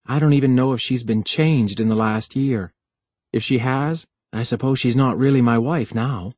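A man's voice: mid-range voice, moderate pace, darkish tone, no room sound, lightly acted. A man reading an earnest young newcomer. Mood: wistful. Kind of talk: audiobook character voice.

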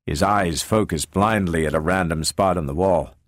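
A man narrating an audiobook with an expressive, varied storytelling delivery. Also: low voice, normal speed, no echo, clean studio sound.

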